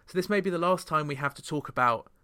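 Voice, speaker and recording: A man's voice: a little high, fast talker, sharp tone, smooth. A man hosting a podcast chart countdown, chatting through the songs with wry, joking asides. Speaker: podcast host.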